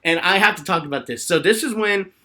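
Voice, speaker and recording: Animated bright-voiced young man. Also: high voice, quick pace. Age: 20s. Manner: animated storyteller, laughs often. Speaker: host answering fan questions. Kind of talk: live question-and-answer chat.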